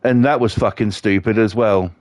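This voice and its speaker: A man's voice: on the low side, steady tone, moderate pace, a little mellow, no echo. A middle-aged British man ranting sarcastically, telling swear-filled everyday stories while streaming a game. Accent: British English. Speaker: livestreamer. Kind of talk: casual ranting chat.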